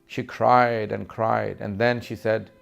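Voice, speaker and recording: A man's voice: on the low side, little pitch movement, slow, creaky, dull audio, soft background music. A man delivering a mournful sermon, recounting a lament in a grieving, heartfelt tone. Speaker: speaker.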